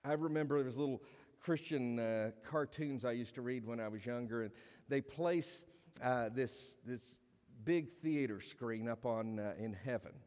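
Earnest pastor preaching in a reverberant hall. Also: male voice, mid-range voice, moderate pace, a little mellow. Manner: earnest, conversational, with rhetorical questions and scripture reading. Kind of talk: sermon.

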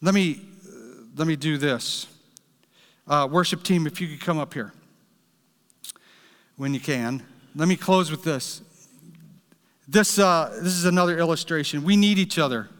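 A man's voice: on the high side, a little slow, long pauses, long reverb tail. A man preaching a sermon, telling a story in an earnest, direct way. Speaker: pastor.

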